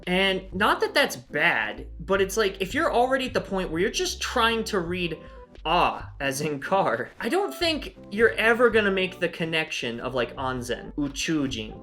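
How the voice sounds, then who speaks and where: Frank, bright-voiced man reviewing. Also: high-pitched. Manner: frank, opinionated, chatty. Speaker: language-resource reviewer. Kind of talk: casual spoken review.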